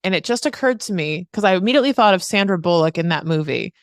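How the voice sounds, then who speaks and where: A woman's voice: fairly low pitch, expressive, quick pace, no room sound, studio quality. A woman hosting a podcast interview who chats in an upbeat, casual way with her guest. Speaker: podcast host.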